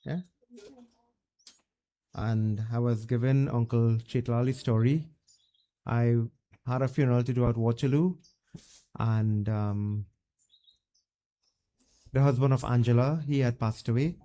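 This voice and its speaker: A man's voice: mid-range voice, fairly even intonation, measured pace, pauses often, mellow. Trinidadian man preaching at a funeral. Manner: conversational, plain, story-driven preaching. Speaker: Hindu pundit leading a funeral. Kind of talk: funeral eulogy and religious storytelling.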